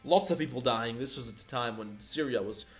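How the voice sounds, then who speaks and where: A man's voice: mid-range voice, fairly quick. A man in his twenties ranting heatedly on a livestream, profane and firing off rhetorical questions. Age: 20s. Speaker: livestream host.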